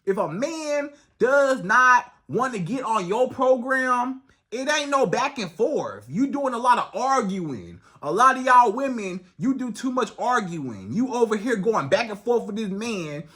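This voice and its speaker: Man, dating-advice vlogger; bright, forceful voice; blunt, repetitive, casual. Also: very high-pitched, animated, measured pace. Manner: blunt, preachy, repetitive, slangy. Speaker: relationship coach.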